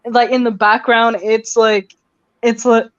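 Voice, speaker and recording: A woman's voice: fairly high pitch, little pitch movement, a little slow, muffled recording. A woman chatting casually on a stream, rambling with many fillers and laughter. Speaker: stream participant. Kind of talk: casual chat.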